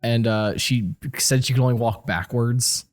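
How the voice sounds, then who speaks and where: A man's voice: medium pitch, steady tone. A man guesting on a casual podcast, joking around, laughing and swearing freely. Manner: jokey, quick to laugh and swear.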